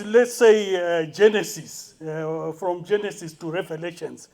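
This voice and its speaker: A man's voice: high voice, measured pace, a little mellow. A man giving a blunt, provocative conference talk. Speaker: conference speaker. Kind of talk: public talk. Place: university conference hall.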